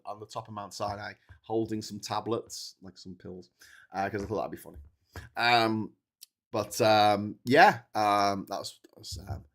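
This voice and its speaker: Brief: tired man, rambling livestream host, chatty, mid pitch. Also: a bit bright. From Liverpool. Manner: rambling, chatty, full of fillers. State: tired from staying awake. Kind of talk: casual livestream chat.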